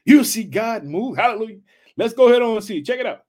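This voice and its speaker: A man reading scripture aloud and breaking off into fervent, exclamatory preaching, swinging between loud bursts and soft asides. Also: high-pitched, expressive, fast, breathy edge. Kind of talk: Bible reading with fervent commentary.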